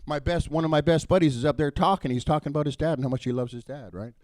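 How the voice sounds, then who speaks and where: A man's voice: a little high, quick pace, a little mellow, no echo. A middle-aged man telling a raw personal story, emotional and blunt, with swearing. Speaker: storyteller at a live event.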